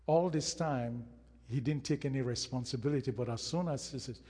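A man's voice: mid-range voice, brisk, warm tone, husky. A man preaching a sermon as pastor of his church, emphatic, repeating phrases and acting out quotes. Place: church hall. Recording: hall reverb.

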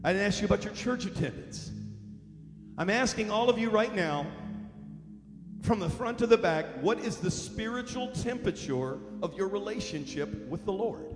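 High-voiced preacher man in echoey hall. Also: lively intonation, normal speed. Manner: impassioned preaching that builds to shouting. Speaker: pastor. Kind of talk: sermon. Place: large church hall. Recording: echoey hall with music underneath.

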